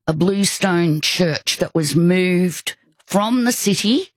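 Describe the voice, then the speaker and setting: An older woman, telling a personal story in casual conversation, rambling warmly with restarts and asides. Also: on the low side, expressive, slow pace, no echo.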